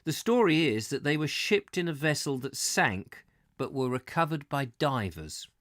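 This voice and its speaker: A man's voice: fairly high pitch, very animated, moderate pace, fairly bright tone, no room sound, clean studio sound. Man reading an old travel book live. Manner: chatty asides, self-correcting.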